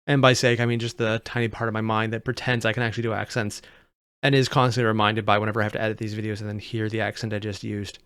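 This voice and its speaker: A video reactor giving casual, sarcastic commentary, swinging between loud outbursts and low mutters. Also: flat delivery, fast talker, smooth, dry recording. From United States.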